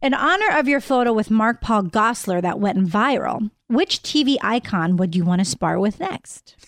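A pregnant woman co-hosting a radio show in a studio, bantering in an animated, playful and opinionated way. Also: on the high side, normal speed, no room sound. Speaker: radio co-host.

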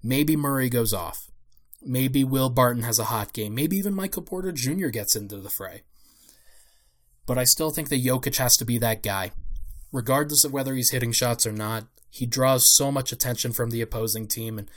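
A man's voice: medium pitch, normal speed. A young man giving a solo casual basketball analysis as a podcast host, thinking aloud with fillers and restarts.

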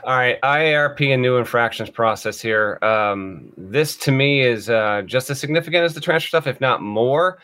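Male podcast co-host, bright and forceful tone, reads news aloud and then offers skeptical takes. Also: mid-range voice, normal speed, hardly any pauses. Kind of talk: casual sports chat.

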